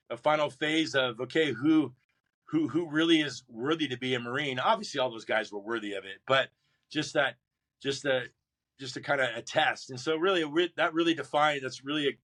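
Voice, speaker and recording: Animated man retelling a vivid story. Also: medium pitch. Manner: animated storyteller who acts out drill instructors and shouts his own replies; many restarts and repeated words. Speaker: guest, Marine veteran. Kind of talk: storytelling in a podcast interview.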